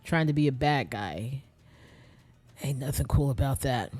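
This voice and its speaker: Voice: medium pitch, unhurried, darkish tone, husky. Game streamer, young adult, rambling casual chat, a bit tired and breathless. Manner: rambling, talks straight to chat.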